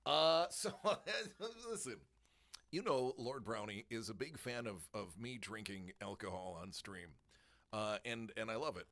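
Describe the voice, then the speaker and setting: A middle-aged man hosting a live-stream unboxing, chatting casually into a close desk microphone, joking, laughing often and exclaiming in excitement. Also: lowish voice, unhurried.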